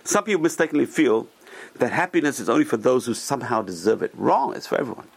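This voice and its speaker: A man's voice: medium pitch, animated, quick pace, creaky, slightly rough. A man teaching a Torah class to a small group, enthusiastic and often exclaiming as he tells stories. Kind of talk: classroom Torah lecture with storytelling.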